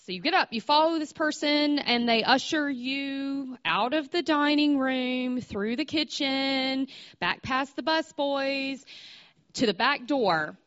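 A woman's voice: high-pitched, slow, fairly bright tone, lo-fi sound. A woman in her thirties giving an informal sermon, telling a story in a conversational way, with restarts and questions put to her audience. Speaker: speaker at a church gathering.

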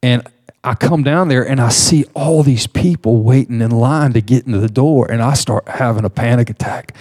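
A man preaching from a church microphone, relating a story from his own life. His voice sits at an average pitch, and his delivery is lively, with quick laughs and self-corrections as he builds toward his point. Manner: animated personal storytelling with laughs and restarts. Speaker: pastor. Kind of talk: sermon storytelling.

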